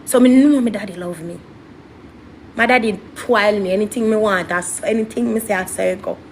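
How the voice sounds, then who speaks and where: A young woman, a guest telling her story in an interview in an animated, dramatic way. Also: medium pitch, brisk, a little hiss or hum. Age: young adult.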